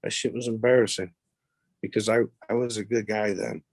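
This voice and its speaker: A man's voice: lowish voice, a little fast, creaky, no echo. A man in his thirties, a podcast guest, telling a story casually with lots of swearing and rambling asides. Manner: profane, rambling, animated retelling.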